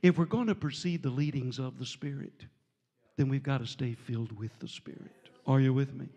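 A man preaching a storytelling sermon as a visiting preacher, animated and jovial, breaking into laughter and shouts. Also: medium pitch, moderate pace, lo-fi sound. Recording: reverberant church sanctuary.

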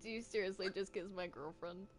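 A woman voicing a hot-tempered male cartoon ink demon in a Minecraft role-play, jumpy and quick to threaten, then flustered. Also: medium pitch, over music, lightly acted. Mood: indignant.

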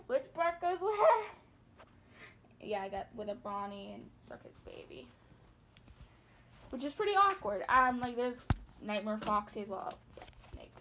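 A woman's voice: a little high, bright, forceful tone, slight background noise. Chatty, giggly woman vlogging at home. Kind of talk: casual home-tour vlog. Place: indoors at home. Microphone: phone.

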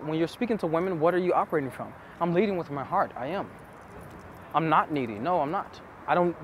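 A man's voice: on the high side, a little hiss or hum. A man coaching on dating, telling stories to camera in an earnest, intimate way, repeating phrases for emphasis. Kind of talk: casual storytelling to camera.

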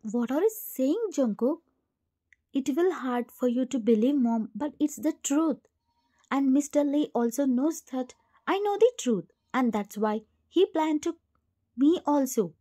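A woman's voice: high voice, lively intonation, measured pace, mellow. A woman voicing a cold, paralyzed young man who earnestly pleads with his mother, in a storybook reading. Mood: confessing.

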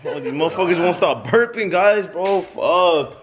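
A young man co-hosting a vlog, loud and laughing, swearing through rowdy banter. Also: sits high, expressive, normal speed, reverberant, a little hiss or hum. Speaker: vlog co-host.

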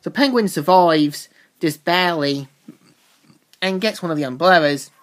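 A woman talks through a comic's plot in a loose, casual recap, circling back and restarting her sentences as she goes. Her voice is fairly low for a woman. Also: unhurried. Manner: rambling retelling with loose restarts. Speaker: comic book reviewer.

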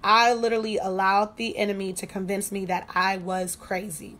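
A woman's voice: medium pitch, flat delivery, normal speed, fairly bright tone. A woman hosting a devotional study, speaking in a conversational, testimonial way and repeating phrases for emphasis. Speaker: devotional host. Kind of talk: devotional teaching.

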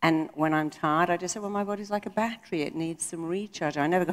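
A woman's voice: mid-range voice, a little fast, few pauses, long reverb tail. A middle-aged woman giving an emphatic motivational talk to a live audience, acting out quoted voices. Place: conference hall.

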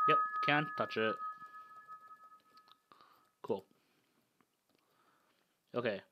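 A man with a cold, casually commenting on a game he plays, swearing and breaking into loud frustrated outbursts. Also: medium pitch, very slow, long pauses, over loud music. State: sick with a cold, coughing. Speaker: gaming streamer. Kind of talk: casual let's-play commentary.

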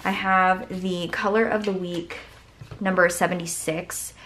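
A woman's voice: lowish voice, a little slow, a little hiss or hum. A young woman vlogging a haul in a casual, gushing way, her voice worn out. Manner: gushing, excitable, lots of "like" and "obsessed".

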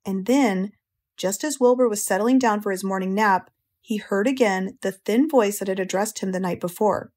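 An American woman narrating a children's audiobook in a slow, clear, gentle way. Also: mid-range voice. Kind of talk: storybook narration.

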